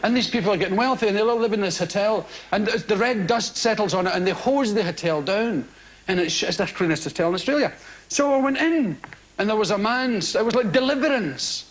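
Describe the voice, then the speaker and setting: A Scottish stand-up comedian on the stage of a large theatre tells rambling stories to a live audience, animated and mock-indignant. His voice is high-pitched and fairly quick, captured in a rough recording.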